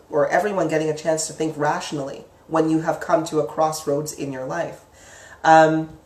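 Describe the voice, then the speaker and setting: A woman giving a casual spoken lesson on the mind, chatty and lively, acting out inner voices with sudden leaps up in pitch. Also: recorded from a distance. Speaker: psychic teacher. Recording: echoey room, speaker away from the mic.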